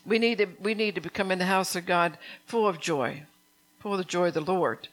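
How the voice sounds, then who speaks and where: A woman's voice: fairly low pitch, normal speed. A woman preaching a sermon in a conversational, fervent way, often checking in with her congregation.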